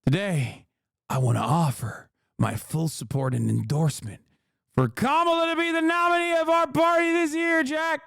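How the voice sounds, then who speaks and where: A man putting on a folksy elderly male politician, slow and earnest in a mock-sincere address. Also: very high voice, gravelly, a bit bright, no echo, clean studio sound, voice pushed up, full character voice.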